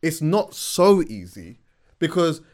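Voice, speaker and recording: A man co-hosting a casual podcast, laying out his view and chiming in with quick agreement. His voice sits slightly high with lively, animated pitch. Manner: chatty, explaining with frequent agreeing interjections. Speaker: podcast co-host.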